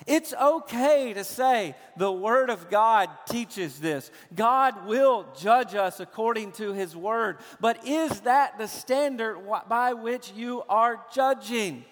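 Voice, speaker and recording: A man's voice: sits high, fairly bright tone. Emphatic preaching man in a reverberant hall. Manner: emphatic preaching, slows to stress key phrases. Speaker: pastor. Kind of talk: sermon.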